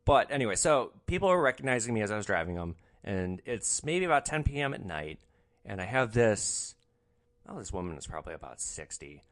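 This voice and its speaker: A man's voice: on the low side, sing-song, brisk. A man hosting a podcast, telling his rideshare stories in a casual, sarcastic, blunt way. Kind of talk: casual storytelling.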